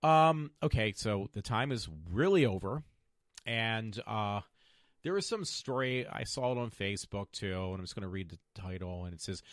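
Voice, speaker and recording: A man's voice: mid-range voice, normal speed, no echo. A man in the middle of his range talks through a solo podcast, opinionated and rambling, stopping often to correct himself. His voice sits close to the mic in a dry, dead room. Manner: rambling, opinionated, self-correcting with many fillers. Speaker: podcast host.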